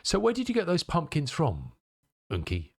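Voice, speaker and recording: A man's voice: fairly high pitch, wildly swooping pitch, normal speed, gravelly, no room sound, clean studio sound. A male streamer chatting casually with his viewers, muttering to himself as he tinkers and answering chat messages.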